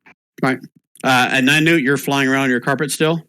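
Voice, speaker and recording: A man narrating as game master in a casual online tabletop game, relaxed and often laughing. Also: mid-range voice, a little fast, clean tone, no room sound.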